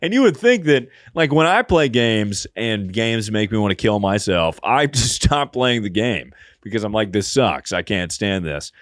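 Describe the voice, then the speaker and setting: A man's voice: lowish voice, big pitch swings, normal speed, few pauses, no room sound, studio quality. A man hosting a podcast, giving crude, joking advice and laughing often. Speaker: podcast host. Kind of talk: casual comedic advice chat.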